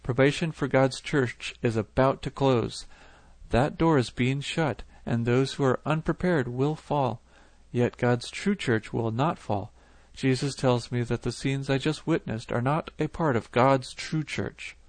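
A man narrating a religious dream account in a steady, measured reading voice. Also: mid-range voice, no echo. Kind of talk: scripted narration.

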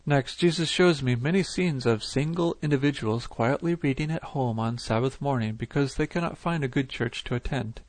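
A man narrating a religious dream account in a steady, measured reading voice. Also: medium pitch, no room sound. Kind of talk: scripted narration.

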